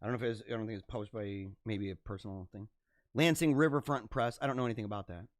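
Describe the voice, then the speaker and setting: A man hosting a live stream, telling a story in a casual, rambling way, with many restarts and bursts of excitement. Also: fairly low pitch, rapid-fire, no echo, clean studio sound. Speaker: livestream host.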